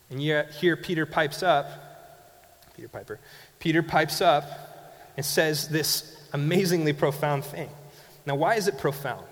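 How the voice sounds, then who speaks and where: A conversational male pastor in a reverberant hall. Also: on the high side. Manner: conversational storytelling, rhetorical questions. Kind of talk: sermon.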